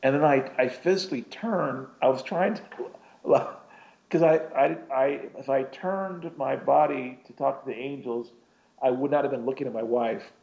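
A man's voice: mid-range voice, normal speed, gravelly, a little mellow. A man casually telling a personal story, rambling and breaking off mid-sentence with small laughs. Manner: rambling, self-interrupting, chuckling between thoughts. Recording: dull lo-fi recording.

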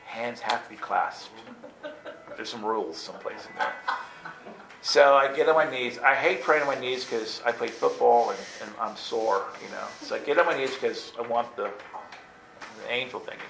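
A man telling a funny personal story in an animated way, jumping into high squeaky voices to act out his younger self. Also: moderate pace, vocal fry, noisy background. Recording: roomy echo, faint ambience.

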